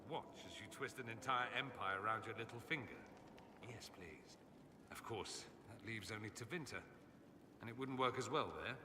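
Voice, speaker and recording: A man's voice: lowish voice, normal speed, lightly acted. A man playing a sardonic noble mage. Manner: dry, theatrical wit. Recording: game audio with long reverb and noise.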